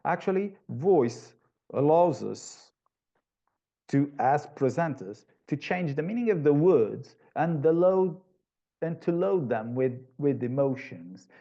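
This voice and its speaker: A man presenting a webinar over a video call, his voice dark and gravelly. He explains his points patiently, often restarting a phrase before going on. The audio sounds slightly dull and muffled. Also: a little high, sing-song, slow. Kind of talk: online presentation talk.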